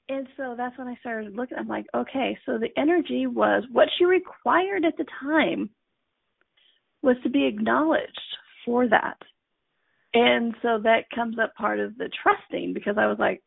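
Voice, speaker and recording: A middle-aged woman hosting a show, telling a casual story in a chatty, animated way and laughing often. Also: fairly high pitch, moderate pace, gravelly, breathy edge, dry recording. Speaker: host. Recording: tinny phone-line sound.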